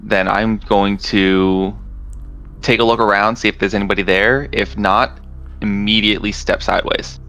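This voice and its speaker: A man playing a tabletop role-playing game, calmly describing his character's actions and answering in character. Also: lowish voice, moderate pace. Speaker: player.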